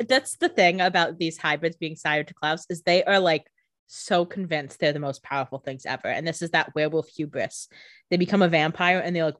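A woman's voice: low voice, steady tone, brisk, no echo, clean studio sound. A woman co-hosting a podcast, chatting casually and adding joking commentary on the episode. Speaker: podcast co-host. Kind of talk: casual recap chat.

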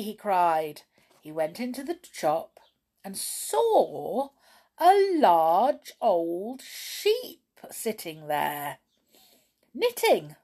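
A woman narrating a children's storybook reading in an expressive storytelling manner. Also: on the low side, breathy edge.

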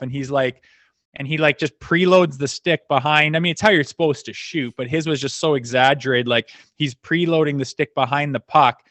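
Telling casual stories on a podcast, a middle-aged Canadian ex-hockey player laughs easily and swears freely in a laid-back way. His voice is fairly high and fairly bright, he talks fairly quickly, and there's no echo.

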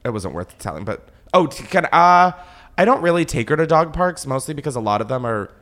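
A man hosting a podcast in casual chat, animated and giggly, swearing often. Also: a little high, a little fast. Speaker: podcast host.

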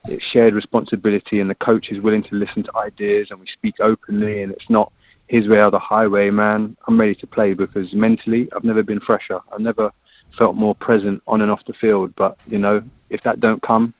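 A man's voice: on the low side, flat delivery, fairly quick, no room sound, dull audio. An English man and rugby player talking as a guest in a casual chat, laid-back, often saying "man". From England. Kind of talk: casual interview over a phone line. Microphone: phone or call line.

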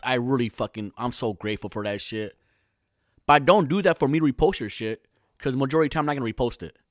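A man with a medium-pitched voice hosts his own podcast, spinning a long comic yarn that rambles, swears heavily, and keeps restarting. He lives in Southern California, and the studio-quality recording has no room sound at all.

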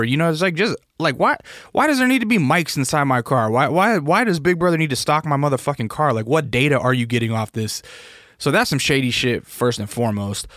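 A young man telling a story in a casual, exasperated rant, full of profanity, rising to loud outbursts when quoting himself. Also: fairly high pitch, lively intonation, fairly quick, dry recording, clean studio sound.

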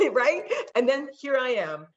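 A woman appears as a podcast guest in a casual chat, an animated storyteller who acts out quoted dialogue and slips into Spanglish. Her voice sits high and she takes her time, though the audio has its highs cut off.

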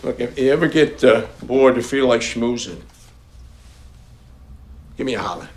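An actor playing a lonely old widower, folksy and reflective, in a film scene. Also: male voice, medium pitch, moderate pace, close to an everyday voice. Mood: wistful. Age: older.

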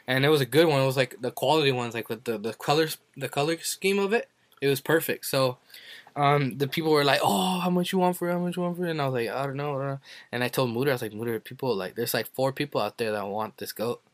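A young man co-hosting a podcast talks fast in a casual chat, rambling through a story and acting out what people said with sudden high jumps in his voice. The recording is dry.

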